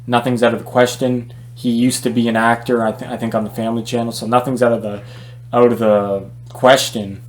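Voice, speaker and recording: A man talks through a boxing feud in a relaxed commentary vlog. His voice is mid-pitched and ordinary. He is opinionated and conversational, full of fillers, hesitations and restarted sentences. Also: fairly quick, slight background noise.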